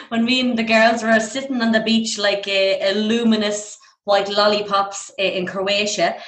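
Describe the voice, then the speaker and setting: A woman with an Irish accent, telling stories in casual chat, animated and laughing often. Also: mid-range voice, a little slow, roomy sound, slight background noise. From Ireland. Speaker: guest.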